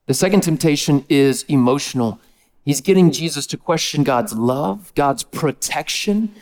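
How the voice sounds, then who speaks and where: A man preaching a sermon in an energetic, casual way, with slang. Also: a little high, normal speed. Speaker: pastor.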